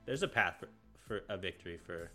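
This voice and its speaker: Forceful, hyped man talking sports. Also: low-pitched, lively intonation, a little fast, faint music behind. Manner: hyped, emphatic, slangy. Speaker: podcast guest. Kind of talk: casual sports chat.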